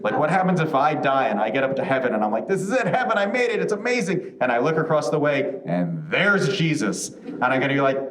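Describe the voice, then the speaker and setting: A man doing a stand-up comedy set on a club stage, telling stories with animated delivery and acting out the voices of the people in them. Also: a little high, a little fast. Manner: animated storytelling, acts out quoted voices. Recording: roomy club sound with crowd laughter.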